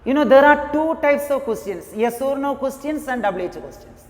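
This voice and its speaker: A teacher giving a grammar lesson, slowly repeating each example sentence and often saying "you know". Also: high-pitched, animated, darkish tone. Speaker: English teacher. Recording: long reverb, echoey room.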